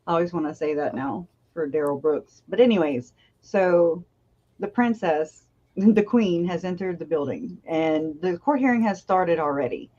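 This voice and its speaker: A woman's voice: lowish voice, expressive, moderate pace, dark tone, lo-fi sound. A woman hosting a casual livestream chat, talking loosely and laughing often between remarks. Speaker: channel host.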